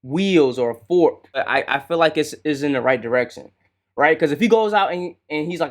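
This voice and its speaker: A man hosting a podcast, giving casual commentary in a relaxed, slangy way and often asking "right?". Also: a little high, normal speed. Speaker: podcast host reacting to a clip.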